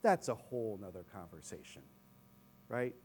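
A young man preaching a sermon, telling a personal story with lively asides to his congregation. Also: lowish voice, normal speed, breathy edge. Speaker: pastor. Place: church in Chicago.

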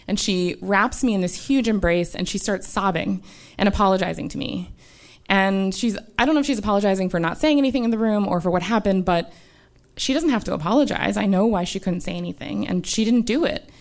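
A woman's voice: mid-range voice, creaky. A woman, a doctor, telling a personal story on a live stage. She talks earnestly and conversationally, with many ums and likes. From United States. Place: small live-show stage before an audience.

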